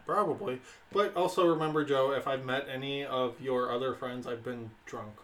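A man's voice: mid-range voice, steady tone, moderate pace, fairly bright tone, poor audio. A man joining a casual chat, teasing and laid-back.

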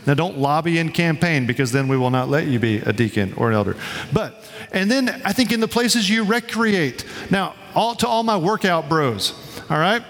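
A man preaching a sermon to his congregation in a relaxed, conversational way, telling stories and acting out quotes. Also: on the high side, moderate pace, big-room sound. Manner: conversational, storytelling with quoted voices. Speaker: pastor. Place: church sanctuary.

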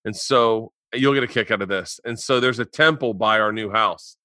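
A man's voice: on the low side, moderate pace, dry recording, studio quality. A man hosting a casual remote podcast chat as a comedian, telling rambling stories. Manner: rambling storyteller, animated when retelling stories. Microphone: remote call.

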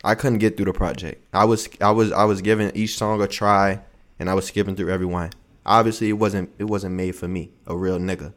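Young male co-host, low-ish voice, relaxed slangy banter. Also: fairly quick. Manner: laid-back slangy banter, frequent fillers. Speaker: podcast co-host. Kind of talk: casual podcast chat.

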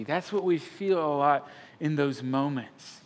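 A man preaching a sermon as pastor, emphatic, swinging from loud declarations to hushed, quiet lines. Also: on the high side, a little slow. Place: church sanctuary.

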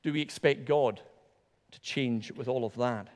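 A man preaching a sermon in a church, animated and emphatic, repeating words for stress. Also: medium pitch, a little slow. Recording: long hall reverb.

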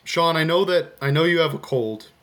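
A man's voice: a little high, normal speed, fairly bright tone. A man co-hosting a podcast over a video call, chatting in an easygoing, talkative way. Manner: easygoing, chatty, laughs easily. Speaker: podcast co-host. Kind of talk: casual chat.

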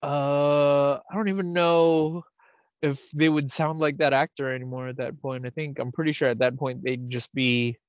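Hushed, low-key man, dull dry sound. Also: steady tone, moderate pace, no room sound. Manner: hushed, low-key delivery that breaks into laughter. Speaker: podcast co-host. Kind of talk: casual chat.

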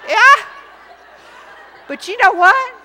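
A middle-aged woman, preaching to a women's rally with lively, emphatic, jokey swings between loud and hushed. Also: extremely high pitch, takes it slowly, a crowd in the background. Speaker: women's conference speaker. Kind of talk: sermon. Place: large church hall. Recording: long hall reverb.

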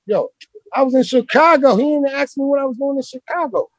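A Brooklyn, New York man with a very high, fairly bright voice talks briskly, and there's no echo on the recording. As a guest in a casual interview, he tells rambling street-basketball stories full of slang.

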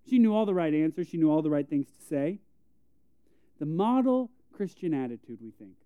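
A male pastor preaching a sermon, retelling a Bible story conversationally and dropping to a hush for emphasis. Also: fairly high pitch, big pitch swings, normal speed, smooth, no echo, dull audio.

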